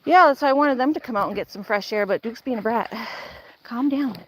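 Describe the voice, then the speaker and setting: A woman vlogging outdoors in a back yard, chatting casually and coaxing and scolding excited dogs on a handheld phone. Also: fairly high pitch, a little fast. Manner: coaxing, scolding playful dog talk. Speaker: vlogger dogsitting. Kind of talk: casual chat and talking to dogs. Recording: loud outdoor background noise.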